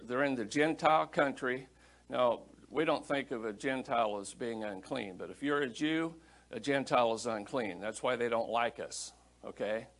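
Conversational male preacher. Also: mid-range voice. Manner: conversational, storytelling; reads scripture aloud. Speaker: pastor. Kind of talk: sermon, Bible teaching.

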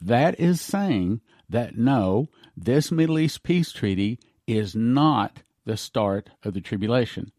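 A man's voice: medium pitch, animated, darkish tone, no room sound, studio quality. A man who hosts a prophecy talk show, earnestly explaining current news, reading articles aloud and spelling out names. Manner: earnest, lays out points slowly and spells words out.

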